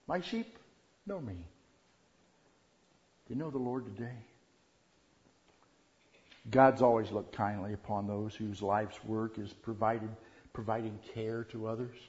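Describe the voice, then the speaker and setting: A man preaching a Christmas sermon, shifting from quiet reverence to loud, animated storytelling. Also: fairly high pitch. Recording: dull lo-fi sound.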